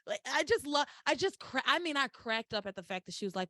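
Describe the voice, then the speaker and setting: A woman hosting a podcast, recapping in casual chat as an animated storyteller with exclamatory asides. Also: high-pitched, fast talker, dry recording, studio quality. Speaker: podcast host.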